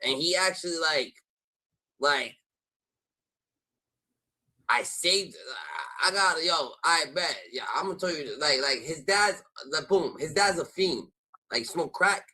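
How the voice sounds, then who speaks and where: A man telling a rowdy street story in casual chat, heavy with slang and cursing, jumping in pitch whenever he acts out other people. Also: unhurried, pauses often, poor audio. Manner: animated storytelling, acting out quoted voices with jumps in pitch. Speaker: host.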